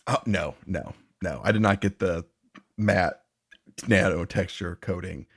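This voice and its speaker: Gravelly man, lowish voice, casual rambling podcast co-host. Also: measured pace. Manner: rambling, self-interrupting, laughs often. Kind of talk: casual chat.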